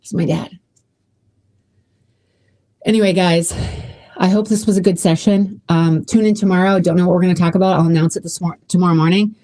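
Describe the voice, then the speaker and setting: A woman's voice: on the low side, fairly even intonation, a little fast, pauses often, warm tone. A woman hosting her own podcast, talking casually and emotionally with many restarts. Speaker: podcast host. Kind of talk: casual solo podcast talk.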